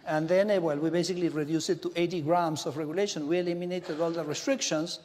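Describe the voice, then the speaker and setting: A man with an Argentine Spanish accent giving a speech to a business audience, storytelling in an animated way with frequent "okay?" asides. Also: fairly high pitch, quick pace, in a large hall. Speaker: government minister giving a speech. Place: large conference hall.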